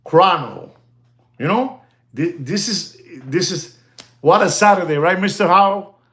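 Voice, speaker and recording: Guy, hyping watches on a live stream, super animated, keeps dropping words. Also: sits high, measured pace. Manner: animated, mixes Spanish exclamations into English, thanks viewers by name.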